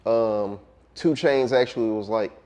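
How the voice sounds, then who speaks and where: A man, a music producer speaking as an interview guest, talking in a relaxed, reflective way with frequent ums and trailing pauses. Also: on the low side. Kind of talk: casual interview conversation.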